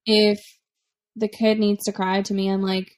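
A young woman chatting on a parenting podcast, relaxed and easygoing, laughing often. Her voice sits in an ordinary middle pitch for a woman. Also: a little slow. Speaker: podcast co-host, mother. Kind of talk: casual chat.

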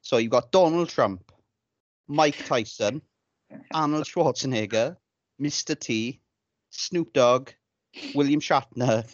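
A man's voice: medium pitch, slow, long pauses, dry recording. Male podcast co-host, casual banter, swears freely; dry, slightly muffled audio. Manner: chatty, swears freely, tells anecdotes with relish.

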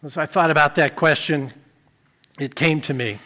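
A man preaching a sermon as pastor, dropping to quiet reflection and then rising to emphatic, repeated phrases. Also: on the high side, moderate pace.

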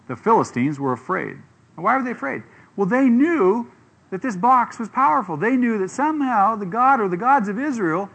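Animated preacher man, rather high voice. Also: breathy edge. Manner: animated, acts out quoted voices, asks the audience questions. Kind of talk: sermon.

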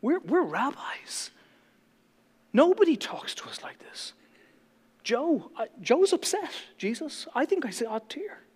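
A man voicing an offended, self-important male Pharisee who grumbles in a hushed, half-whispered way. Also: extremely high pitch, sing-song, unhurried, voice pushed up, exaggerated voice. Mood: grumbling.

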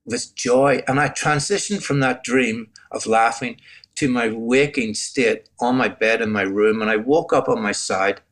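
In this interview testimony, a man from Northern Ireland in his sixties recounts his journey of faith with a Northern Irish accent. His mid-range voice moves a little slowly, and he is reflective, choking up and giving soft laughs along the way.

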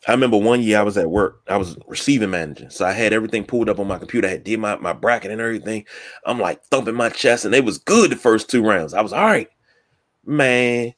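A man hosting a casual sports talk show, telling stories from work and school with lively acted-out quotes. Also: fairly low pitch, fast talker. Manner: storytelling, animated when acting out quotes.

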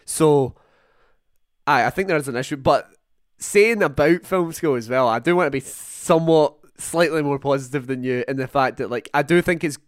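A man's voice: fairly high pitch, normal speed, no echo, studio quality. A young Scottish man with a Scottish accent, co-hosting a film podcast in casual chat, rambling and restarting his sentences. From Scotland. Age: young adult. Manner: rambling, self-interrupting, animated asides. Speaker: podcast co-host.

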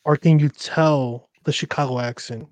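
Casual man, slightly high, dry sound. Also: fairly even intonation, moderate pace, darkish tone, dry recording. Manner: casual, mixes English and Spanish. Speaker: podcast co-host. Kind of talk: casual chat.

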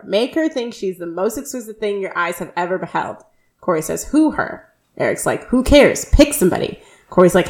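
Woman podcast co-host, chatty recap, laughs a lot, acts out quotes. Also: medium pitch. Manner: laughing often, quoting characters in lively voices. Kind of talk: casual recap chat.

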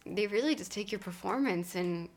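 A young woman co-hosting a podcast, chatting in a relaxed way, laughing often and filling her speech with "like". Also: mid-range voice, normal speed. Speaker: podcast co-host. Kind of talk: casual chat.

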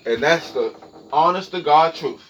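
A man's voice: fairly high pitch, unhurried, muffled recording, a little hiss or hum. A man hosting his own podcast, talking in a loose, profane rant from his home setup and checking in with listeners. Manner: animated, profane, keeps asking "okay?". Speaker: podcast host. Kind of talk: casual solo podcast rant.

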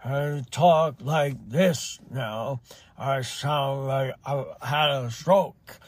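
A man putting on a mocking impression of a slow, halting elderly male politician. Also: medium pitch, dry recording. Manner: drawn-out, halting mock delivery.

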